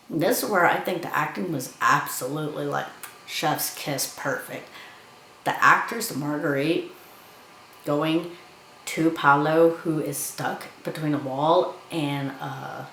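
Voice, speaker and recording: A woman's voice: deep voice, vocal fry, fairly bright tone, reverberant, a little hiss or hum, low-quality recording. A woman giving a casual film review, chattily retelling scenes and acting out the characters' lines.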